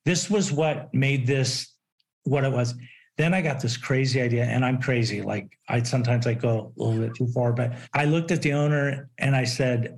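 A man's voice: mid-range voice, normal speed. A middle-aged man telling business stories as a podcast guest, acting out quotes with lots of restarts. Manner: animated storyteller, acts out quotes, frequent restarts. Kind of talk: casual interview storytelling.

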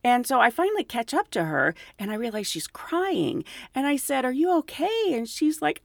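A woman's voice: high voice, a little fast, creaky, few pauses, no room sound, clean studio sound. A middle-aged woman, a flight attendant, telling stories in a casual chat and acting out the people she quotes. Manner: animated, acts out quoted voices.

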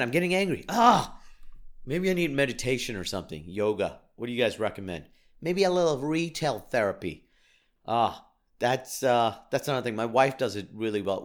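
A middle-aged man talking casually to his listeners in a voice of ordinary pitch. He rants in an animated, self-mocking way and sounds exasperated. He often stumbles and restarts. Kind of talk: casual storytelling rant.

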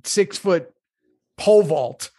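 A man in casual chat, excitedly telling a story and acting out what people said with big jumps in his voice. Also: slow. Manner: excitable, acts out quotes with big pitch jumps.

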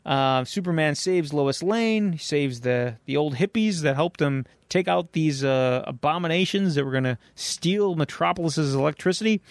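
A man hosting a podcast in a relaxed, casual comic book chat and summarizing a story. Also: fairly high pitch, no echo, clean studio sound. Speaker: podcast host.

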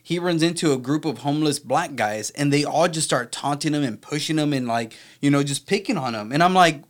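A man's voice: fairly high pitch, fairly quick. A man from Texas co-hosting a casual talk show, rambling and emphatic, with plenty of swearing. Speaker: co-host. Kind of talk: casual podcast chat.

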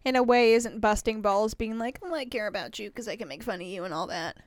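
A woman's voice: a little high, fast talker, no room sound. A woman teasing her co-hosts and swearing in casual podcast talk. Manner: teasing, profane. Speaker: podcast co-host. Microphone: studio mic.

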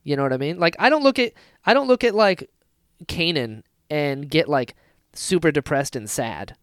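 A man co-hosting a casual fan podcast, talking excitedly and acting out scenes with sudden loud bursts. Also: a little high, normal speed, clean tone, dry recording, studio quality. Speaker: podcast co-host.

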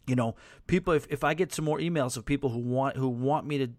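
A man hosting a podcast in casual chat, with a softened New York accent, rambling and correcting himself as he answers listener emails. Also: mid-range voice, quick pace, dry recording, studio quality. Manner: rambling, self-correcting, conversational. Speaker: podcast host.

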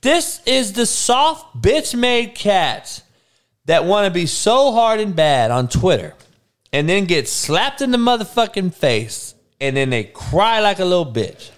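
A man's voice: high voice, sing-song, unhurried. A man hosting a podcast, delivering a crude, mocking, heated rant full of swearing. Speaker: podcast host. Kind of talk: crude ranting commentary.

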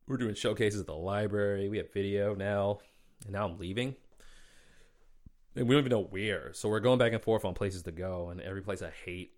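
Low and a little mellow, this man's voice belongs to a Minnesota podcast host. He tells a story on his own in casual, loose talk, frequently calling people "man" and "bro."

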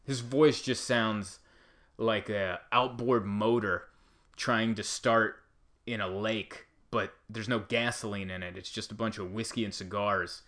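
A man delivering a rambling comedic monologue, animated and full of asides. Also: on the low side, unhurried.

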